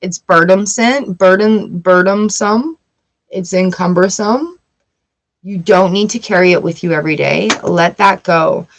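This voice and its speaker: A woman's voice: fairly low pitch, unhurried, noisy background. A woman from Canada giving a live-streamed tarot reading, chatty and affirming, greeting viewers by name as she talks. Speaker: tarot reader.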